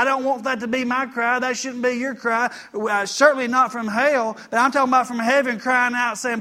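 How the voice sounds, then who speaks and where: This is a man preaching to his congregation. His voice sits high, and his delivery is folksy and plainspoken, with scripture read aloud and calls for an amen along the way. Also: steady tone, fairly quick, hardly any pauses, bright, forceful tone. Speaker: pastor. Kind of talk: sermon.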